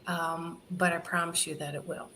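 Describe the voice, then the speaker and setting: A woman in an interview telling her charity's story in an animated way, laughing often and quoting what others said. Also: on the low side, moderate pace, crowd noise. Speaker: charity founder guest.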